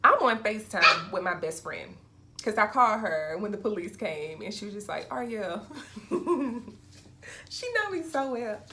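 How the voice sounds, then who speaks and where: Young woman telling a lively story. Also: mid-range voice, measured pace. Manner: animated, acts out quotes, laughs often. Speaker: vlogger. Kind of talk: casual storytime.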